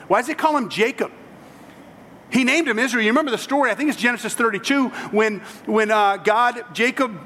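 A man's voice: high voice, a bit bright, big-room sound. A man preaching a sermon, telling the story in a conversational way with humorous asides. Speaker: pastor.

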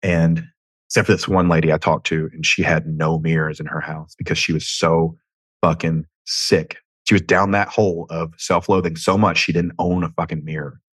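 A man's voice: sits low, flat delivery, moderate pace, fairly bright tone, breathy edge, dry recording. A man with a slight Southern American twang, hosting a solo podcast and rambling profanely, joking at his own expense and drifting into tangents. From United States. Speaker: podcast host. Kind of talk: casual solo podcast monologue. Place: home room.

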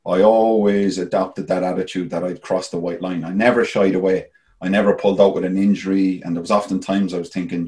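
A very low-voiced Irish man, a former goalkeeper, talks as a guest. He tells his stories in a rambling, casual way and leans on fillers like "you know.". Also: fairly quick, warm tone. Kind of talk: casual storytelling.

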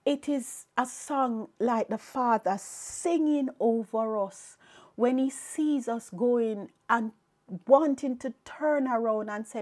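A woman's voice: fairly high pitch, a little slow, darkish tone. A woman hosting a podcast, telling a personal faith story in an earnest, reflective way. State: tearful, emotional. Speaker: podcast host.

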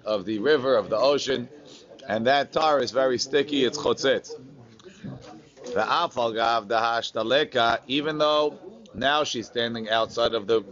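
Guy teaching talmud, chants the aramaic then explains it in english, jokes w students, muffled lo-fi recording. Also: medium pitch. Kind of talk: Talmud class, reading and translating.

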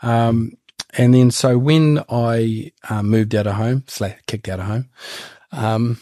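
A man with a New Zealand accent, a guest on a podcast, telling long rambling stories in a relaxed, casual way. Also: mid-range voice, takes it slowly, no room sound, studio quality. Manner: rambling, laid-back, laughs while telling stories. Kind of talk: casual storytelling.

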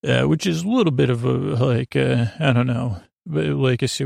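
A man's voice: medium pitch, normal speed, vocal fry, a little mellow, no room sound, clean studio sound. A man hosting a sleep podcast, retelling a story in a meandering, casual way full of fillers and asides. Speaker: podcast host.

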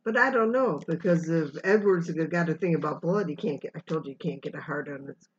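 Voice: medium pitch, fairly quick. Dry-joking co-host, muffled lo-fi sound. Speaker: podcast co-host. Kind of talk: casual chat.

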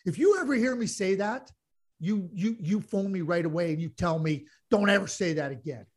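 A man's voice: high-pitched, animated, moderate pace, a little mellow. A man co-hosting a casual sports chat, talking passionately with lots of restarts and repeated words. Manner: passionate ranting, frequent restarts. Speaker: podcast co-host.

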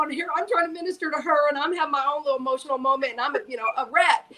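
A woman co-hosting a faith podcast, telling an animated personal story and repeating phrases for emphasis. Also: high-pitched, fast, slight background noise. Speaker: podcast co-host. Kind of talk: casual chat, storytelling testimony.

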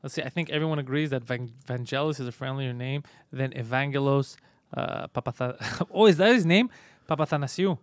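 A man's voice: medium pitch, brisk, no echo. A man hosting a podcast in casual chat, laid-back and self-mocking, swearing freely. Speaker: podcast host.

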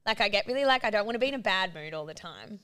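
A woman's voice: mid-range voice, animated, rapid-fire, fairly bright tone, clear, resonant tone, no room sound, studio quality. A young woman co-hosting a podcast, chatting candidly, swearing freely and acting out what people said. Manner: candid, swears freely, acts out quoted exchanges. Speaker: podcast co-host. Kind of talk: casual chat.

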